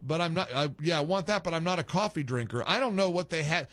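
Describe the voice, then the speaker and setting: A man's voice: on the high side, fast, fairly bright tone. A middle-aged man hosting a call-in radio show, rambling, joking and getting exasperated with callers. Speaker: radio talk show host.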